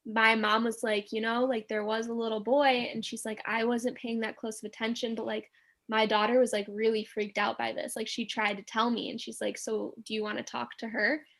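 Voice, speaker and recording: Young female guest with a slightly high pitch, animated storyteller who acts out the dialogue. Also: normal speed, vocal fry. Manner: animated, acts out quotes, many "like" fillers. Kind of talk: casual storytelling.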